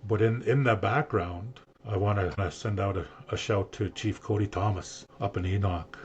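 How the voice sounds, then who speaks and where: An older man on a podcast, earnestly telling a personal story and acting out what people said to him, with a husky voice. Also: lowish voice, fairly even intonation, moderate pace, muffled recording, a little hiss or hum. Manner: earnest, emotional storyteller who acts out quoted speech. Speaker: guest sharing his story.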